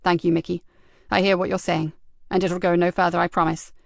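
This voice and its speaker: A woman's voice: on the low side, little pitch movement, brisk, gravelly, dry recording, clean studio sound. A woman reading a terse police sergeant. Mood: warm. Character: tense middle-aged male police sergeant.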